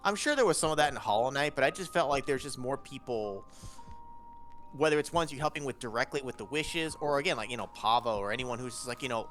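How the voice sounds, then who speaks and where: A man talks animatedly about a video game in a casual chat, cursing offhandedly. His voice is bright and forceful, with faint music in the background. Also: medium pitch, fast talker. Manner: animated, chatty, swears casually.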